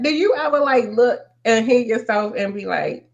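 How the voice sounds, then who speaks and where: Blunt, animated New woman. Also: on the high side, moderate pace, lo-fi sound. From New York. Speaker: podcast co-host. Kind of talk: casual chat.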